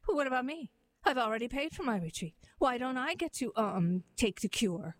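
A woman's voice: on the high side, sing-song, brisk. A woman reading aloud, voicing a vain young prince who stammers and pleads. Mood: whiny.

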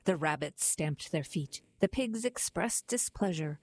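A woman volunteer reader reciting poems in a measured, expressive way. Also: deep voice. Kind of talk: reading poetry aloud.

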